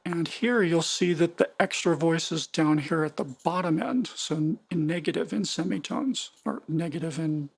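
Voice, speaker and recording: In this screen-recorded software tutorial, a music production tutor explains synth settings casually, often repeating words and correcting themselves partway through sentences. Their mid-range voice has vocal fry and a breathy edge, moving at normal speed with few pauses.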